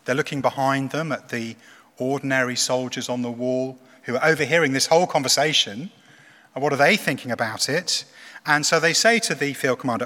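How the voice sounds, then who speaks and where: A man preaching a sermon in a church, retelling a story in an animated, conversational way. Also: mid-range voice, a little fast, long reverb tail.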